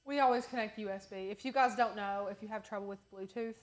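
A woman's voice: medium pitch, quick pace. A woman with a Southern US accent, hosting a crafting live stream and chatting upbeat with viewers. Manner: upbeat, reads viewer comments aloud. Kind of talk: casual live-stream chat.

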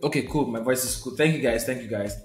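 A man's voice: mid-range voice, quick pace, roomy sound, soft background music. A young man, teaching a live sales session in a conversational way, repeating his key points and checking in with viewers. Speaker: sales trainer.

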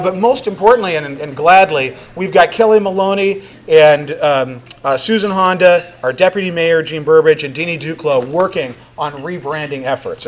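A man delivers a speech to a packed banquet room, his voice sitting a bit high. He talks loosely and jokes, and often stops on "uh" and "um". A faint hiss runs under the recording. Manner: conversational and joking, with many fillers. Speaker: mayor giving a city address. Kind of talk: public speech to a crowd.

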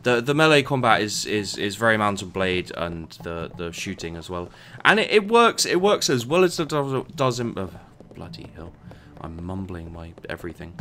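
A man's voice: lowish voice, big pitch swings, moderate pace, few pauses, fairly bright tone. A man giving casual commentary while playing and reviewing a game, rambling and often tripping over and repeating his words. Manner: rambling, stumbles and repeats words, mutters asides.

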